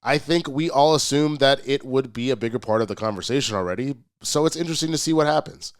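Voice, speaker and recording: A man's voice: medium pitch, fast talker. A man hosts a casual pop culture commentary show with energy. His voice sounds stuffy and congested from a cold. He often restarts his sentences with uh. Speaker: host.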